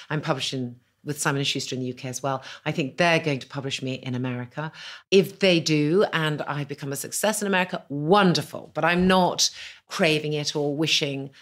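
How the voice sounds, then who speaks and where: A middle-aged woman with a notably low-pitched voice, a novelist chatting as a podcast guest. She tells her stories in an animated, self-deprecating way, laughing at her own mishaps. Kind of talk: conversational interview, anecdotal storytelling. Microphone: podcast microphone.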